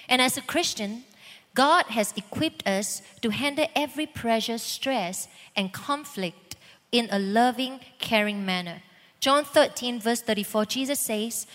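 Calm woman pastor in an echoey hall. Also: on the high side, measured pace. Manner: calm, explanatory, reads scripture. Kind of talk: sermon. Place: church hall.

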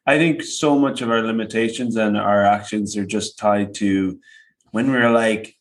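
A young adult man co-hosting a podcast, chatting casually and telling stories in a relaxed way with lots of fillers. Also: on the low side, a little slow, a little hiss or hum. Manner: laid-back storytelling with many fillers. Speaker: podcast co-host. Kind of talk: casual chat.

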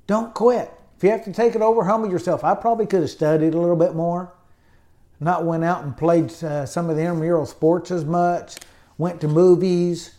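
Guy preaching a sermon, kinda high but mellow voice, lots of amens. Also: steady tone, moderate pace. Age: adult with college degree. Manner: emphatic preaching with frequent amens. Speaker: pastor.

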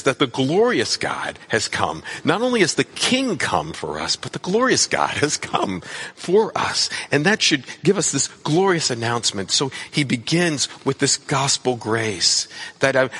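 A man's voice: mid-range voice, fairly bright tone, breathy edge. A man preaching a sermon with earnest, emphatic repetition. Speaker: pastor.

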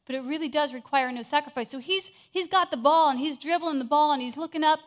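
A woman with a high voice telling an inspirational story in a sermon. She is animated and swings between hushed moments and loud ones. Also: quick pace. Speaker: speaker.

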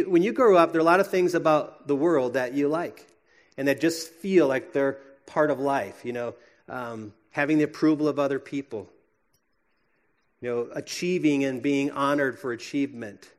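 Pastor preaching a sermon, male, slightly high voice, earnest, alternating hushed and emphatic.

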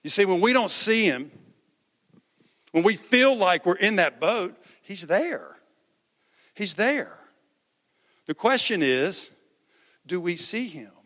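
Bright-voiced pastor preaching. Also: male voice, high-pitched, slow pace, long pauses, in a large hall. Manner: conversational, animated, joking preaching. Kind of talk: sermon. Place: church sanctuary.

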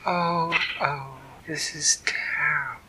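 A man voicing a gentle, sorrowful female mermaid in a soft, formal whisper, as whispered role-play. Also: fairly high pitch, fairly even intonation, slow, heavy background noise, voice pushed up.

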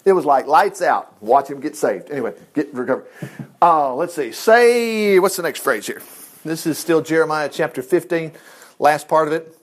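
A man preaching a casual sermon, reading scripture aloud and commenting on it in a folksy, animated way. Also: a little high, moderate pace.

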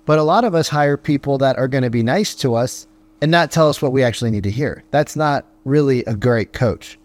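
A man talking as a sales coach, firing off rhetorical questions and tagging his points with "right?". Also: medium pitch. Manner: punchy rhetorical questions, frequent "right?" tags; acts out phone calls in quick voices. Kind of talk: motivational podcast monologue.

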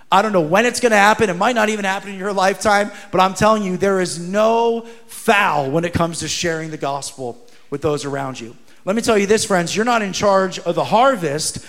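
A man in his thirties delivers a sermon in a high, bright voice. He talks casually and with energy, tossing in slangy asides and acting out little quoted exchanges as he preaches. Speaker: pastor.

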